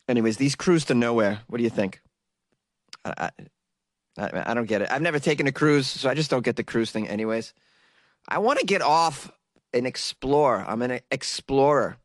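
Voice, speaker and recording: A man's voice: mid-range voice, animated, moderate pace, no room sound, studio quality. A man hosting a comedy news podcast, rambling jokily and often laughing at his own remarks. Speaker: podcast host. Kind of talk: casual comedic news commentary.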